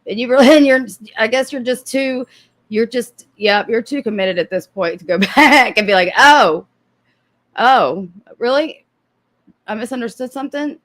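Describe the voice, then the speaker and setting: A woman's voice: a little high, moderate pace. A woman hosting a livestream, teasing and mocking with frequent laughs. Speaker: livestream host. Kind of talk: livestream commentary.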